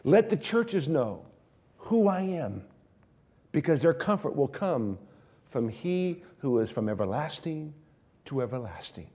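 A man preaching a sermon, swinging from hushed, drawn-out phrases to raised, emphatic declarations. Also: a little high, very animated, breathy edge.

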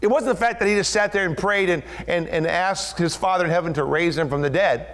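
A man delivering a sermon in a slightly high voice. He retells scripture with animated, dramatic storytelling and acts out the voices in the story. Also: fairly quick, in a large hall. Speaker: preacher.

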